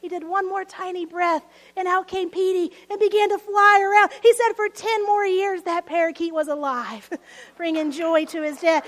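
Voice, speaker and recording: A woman pastor preaching a lively sermon, telling stories with laughs and dropping to hushed asides. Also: very high voice, moderate pace, big-room sound.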